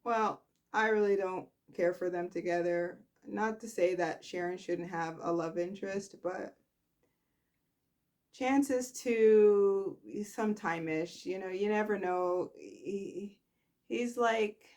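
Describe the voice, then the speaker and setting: A woman casually recapping a soap opera, chatty and animated, acting out the characters' lines. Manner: chatty, slow, acts out characters' lines with big pitch jumps. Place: at home.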